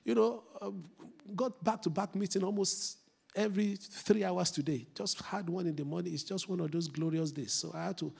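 Raspy pastor preaching. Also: male voice, sits high, moderate pace. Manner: swings from loud exhortation to quiet intensity, repeats phrases. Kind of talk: sermon. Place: church.

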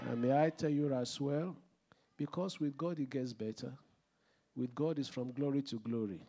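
Fervent pastor with a gravelly voice. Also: male voice, mid-range voice, warm tone, a little hiss or hum. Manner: fervent, conversational preaching. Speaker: host pastor. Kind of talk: church sermon and guest introduction. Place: church sanctuary.

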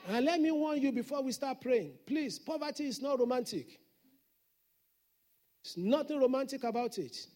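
A man's voice: very high voice, expressive, moderate pace, darkish tone. A man preaching a Sunday sermon as senior pastor, emphatic and repeating his declarations.

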